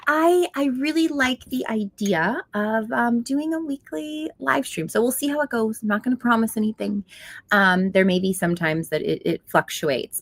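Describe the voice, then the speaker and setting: A woman's voice: medium pitch, no echo. A middle-aged woman hosting a casual live stream, reading viewer comments aloud and chatting back. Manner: chatty, reads comments aloud and answers warmly. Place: living room couch.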